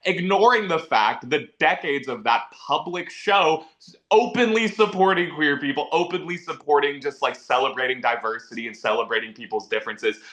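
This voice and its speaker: Guy on a podcast going off, swearing, bright voice, higher pitch. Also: normal speed. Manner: heated, profane ranting. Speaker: podcast co-host. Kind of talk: casual chat.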